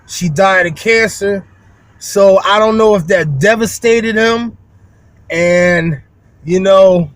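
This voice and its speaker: Speaking in a high voice on a dry recording with no echo, a window cleaning business owner rambles through a casual vlog monologue. He's folksy, calls his viewers "y'all," and fills his talk with fillers and restarts.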